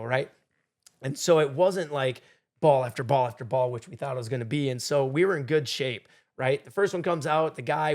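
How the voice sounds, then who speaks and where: A middle-aged man telling a story as a podcast guest, animated, acting out what people said. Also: medium pitch. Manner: animated storyteller, acts out quotes loudly. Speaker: game show contestant guest.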